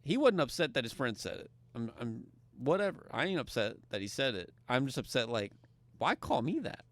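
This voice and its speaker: A man, co-hosting a podcast and telling a story in casual, profane, animated chat. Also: medium pitch, a little fast, no room sound. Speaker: podcast co-host.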